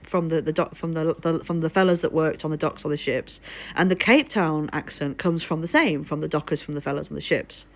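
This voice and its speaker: A woman's voice: low-pitched, fairly quick. A woman from Liverpool live streaming, telling a rambling story in casual chat, swearing freely and breaking off to thank followers. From Liverpool, England.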